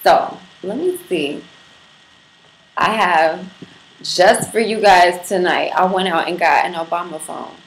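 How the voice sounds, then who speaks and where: A lower-pitched woman chats casually to her livestream viewers, brash, playful and profane. Her voice carries in an echoey room with faint background noise. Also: slow. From Brooklyn. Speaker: livestream host. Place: apartment room in Brooklyn.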